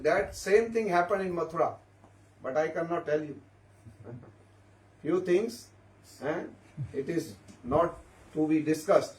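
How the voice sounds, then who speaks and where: A man with a high voice tells stories at a devotee gathering, repeating himself and asking the listeners questions along the way. He sounds a little far from the microphone, and the room around him echoes. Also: animated, measured pace, pauses often. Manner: repetitive, questioning listeners, storytelling. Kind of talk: informal spiritual talk. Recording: echoey room, mic at a distance.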